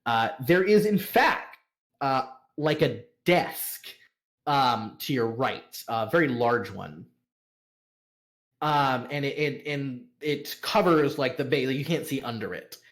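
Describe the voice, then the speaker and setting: A man narrating as game master of a tabletop game, halting and filling his scene descriptions with pauses. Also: medium pitch, lively intonation, a bit bright. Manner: halting, full of fillers and slowed descriptions.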